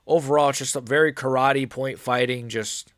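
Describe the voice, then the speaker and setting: A man's voice: medium pitch, steady tone, moderate pace, a bit bright, dry recording. A young man rambles through live fight commentary in a casual, slang-heavy way, peppering his lines with filler words. He gives blunt, mocking takes in a mid-range voice. The recording is dry and close, with no room sound. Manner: slangy, rambling, frequent "bro" and "like".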